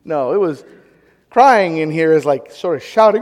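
Pastor type, man, high and very lively voice, chatty sermon in a reverberant hall. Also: measured pace. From United States. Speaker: pastor or Bible teacher. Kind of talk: interactive sermon.

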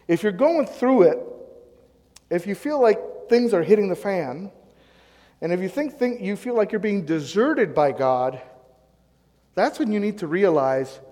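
A male pastor delivers a sermon in a fairly high voice, putting questions to his congregation and answering them himself. He swings between loud, pressing emphasis and quiet, low asides. His voice carries a long reverb from the hall. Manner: call-and-response preaching, rising and falling emphasis.

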